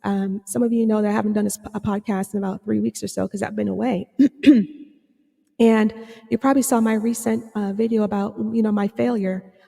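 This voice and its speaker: A woman hosting her own podcast as a psychotherapist, talking earnestly with many fillers and restarts, a little hoarse. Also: medium pitch, level tone, brisk, warm tone, long reverb tail. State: slightly hoarse, clearing her throat. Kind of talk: reflective solo podcast talk.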